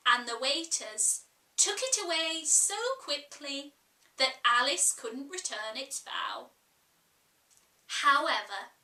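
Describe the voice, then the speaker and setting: Bright, slow, expressive woman storyteller. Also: sits high, recorded from a distance. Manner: expressive, measured. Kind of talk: reading a classic children's story aloud. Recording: echoey room, voice off-mic.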